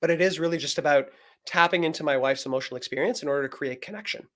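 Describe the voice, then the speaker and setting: A man's voice: a little high, rapid-fire, fairly bright tone. A man, a men's coach and guest, explaining earnestly in a live video-call interview and acting out bits of dialogue.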